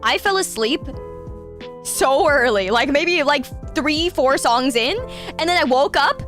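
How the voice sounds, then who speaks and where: Woman streamer host, high animated voice, candid storyteller who swears, soft music behind. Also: unhurried. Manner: animated, laughing, swearing freely. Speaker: radio show host, VTuber. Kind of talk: casual chat storytelling.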